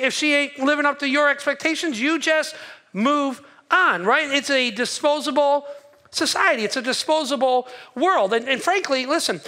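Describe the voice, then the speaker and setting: A pastor voicing a sarcastic preacher persona who mockingly gives bad advice with exaggerated, higher, louder delivery. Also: male voice. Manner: sarcastic, exaggerated, mock-encouraging.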